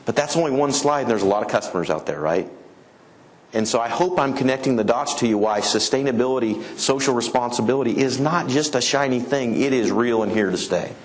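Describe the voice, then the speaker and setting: A middle-aged man from Colorado giving a conference talk, an animated storyteller who acts out the people he quotes. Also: medium pitch, fairly quick. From Colorado, USA. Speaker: conference speaker. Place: conference hall.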